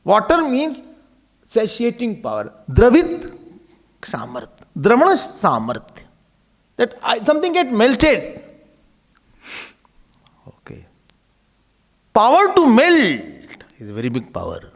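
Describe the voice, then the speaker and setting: A man, giving a spiritual discourse in an animated, storytelling manner. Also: very high-pitched, slow pace, long pauses. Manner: animated, storytelling, laughing often. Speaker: spiritual teacher.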